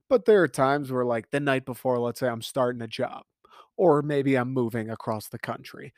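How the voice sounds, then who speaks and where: A young man in his twenties hosting a podcast, telling a story in an animated, profane and self-mocking way. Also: medium pitch, dry recording, clean studio sound. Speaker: podcast host. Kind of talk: casual storytelling monologue.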